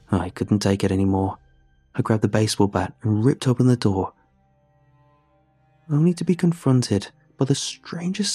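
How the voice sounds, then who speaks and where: Deep-voiced man narrating a horror tale. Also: dark tone, no room sound. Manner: measured, somber storytelling. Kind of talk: scripted horror story narration.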